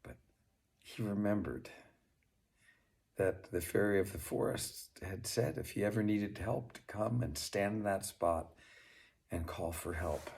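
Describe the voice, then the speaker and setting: A man narrating a folk tale as a storyteller, with unhurried delivery and chatty asides to the listener. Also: lowish voice, gravelly, a little mellow.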